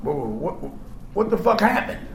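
A man's voice: high-pitched, big pitch swings, unhurried, crowd noise. Raw, profane man in his forties. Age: 40s. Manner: raw, profane, swings from shouting to hushed. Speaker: speaker sharing his story with a group. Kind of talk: personal testimony to a group. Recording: echoey room with background noise.

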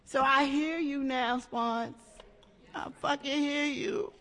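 High, bright woman sharing in a hall. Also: steady tone. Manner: raw, profane, halting with many restarts. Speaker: member sharing at a support meeting. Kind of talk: emotional personal share. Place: meeting room. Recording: echoey hall.

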